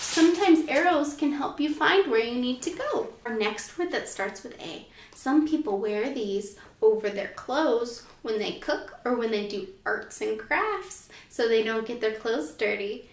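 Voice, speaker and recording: Slow, high-voiced teacher in an echoey room. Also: female voice, creaky, slight background noise. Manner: slow, sing-song, encouraging. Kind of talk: children's phonics lesson. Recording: echoey room, mic at a distance.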